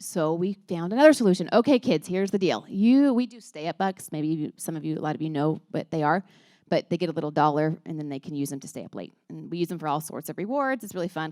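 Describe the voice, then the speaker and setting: A woman's voice: low-pitched, a little mellow, no room sound. Chatty, earnest woman with a dry sound. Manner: chatty and earnest, with many restarts and laughs. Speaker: speaker at a church moms' gathering. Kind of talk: casual talk to a women's group.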